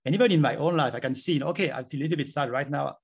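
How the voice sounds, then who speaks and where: A man's voice: on the high side, rapid-fire, vocal fry, husky. A man who is an author, explaining his ideas earnestly in a conversational interview. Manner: earnest, explanatory, talks himself through examples. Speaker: author and guest.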